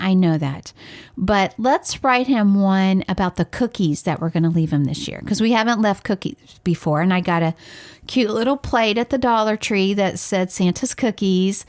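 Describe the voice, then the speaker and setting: A woman co-hosting a podcast, telling stories in casual chat and acting out the conversations she recounts. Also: medium pitch. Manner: animated storyteller acting out dialogue. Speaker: podcast co-host, parent.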